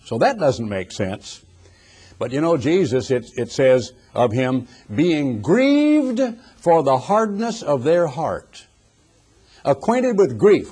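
Older male preacher, husky voice, earnest sermon delivery with repeated emphatic phrasing. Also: medium pitch, darkish tone.

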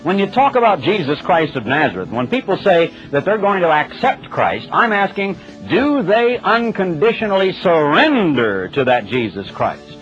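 A man's voice: sits high, big pitch swings, normal speed, few pauses, fairly bright tone. A man preaching a broadcast sermon in a plain-spoken, emphatic, conversational way. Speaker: radio preacher. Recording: dull lo-fi radio broadcast with faint music.

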